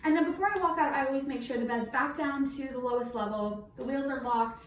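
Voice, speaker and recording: Her voice high and her pace brisk, the night nurse keeps up a chatty, filler-laden running commentary through her mask while teaching the simulation, slightly winded. The recording has roomy echo from a distant mic.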